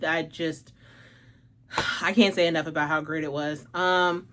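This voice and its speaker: Deep, fairly bright, and fairly even in intonation, this book reviewer's voice moves a little slowly through her casual vlog. She's emotional and gushing, saying "like" constantly, cursing, laughing often, and sounding a bit out of breath.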